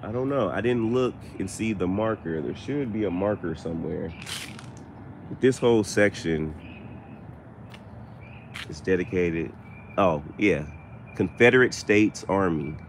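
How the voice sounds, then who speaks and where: A man hosting a casual live stream while walking through a cemetery, chatting with viewers and giving them shout-outs, recorded outdoors on a handheld phone. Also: deep voice, measured pace, long pauses, a little hiss or hum. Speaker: paranormal show host, live streamer. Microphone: handheld phone camera.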